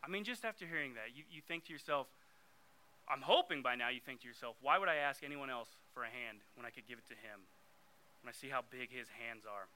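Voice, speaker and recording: Bright, clear-voiced young man preaching. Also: medium pitch, lively intonation, fast. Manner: conversational, emphatic when reading scripture. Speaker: youth preacher. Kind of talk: sermon.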